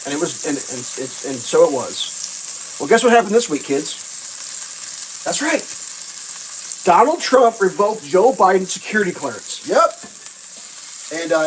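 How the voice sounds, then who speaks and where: A woman hosting a casual livestream, ranting sarcastically and swearing while she cooks, jumping into high mocking voices. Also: sing-song, moderate pace, a little hiss or hum, poor audio. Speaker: livestream host. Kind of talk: casual political rant while cooking.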